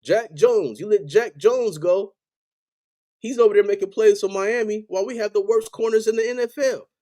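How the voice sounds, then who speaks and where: A man rants about his team on a sports stream, swearing constantly and repeating his points in anger. His voice sits a little high yet sounds warm and dark rather than bright. He is plainly fed up. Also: normal speed. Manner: heated, profane, repetitive ranting. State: angry. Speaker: sports podcast host. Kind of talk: angry fan rant on a live stream.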